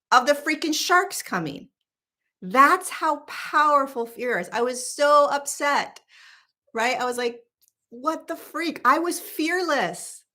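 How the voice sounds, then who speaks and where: A woman spiritual teacher and host telling a casual story in an animated, emphatic, chatty way. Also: high-pitched.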